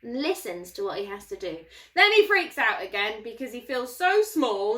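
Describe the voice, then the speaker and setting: A woman's voice: on the high side, very animated, moderate pace, fairly bright tone, rough recording. A woman presenting a children's Bible lesson for her church, with a playful, encouraging way of talking.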